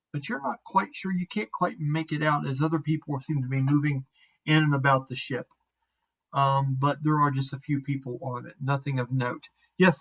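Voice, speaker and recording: A man's voice: mid-range voice, gravelly, a bit bright, muffled recording. A man narrating as game master on a voice call, rambling and self-deprecating.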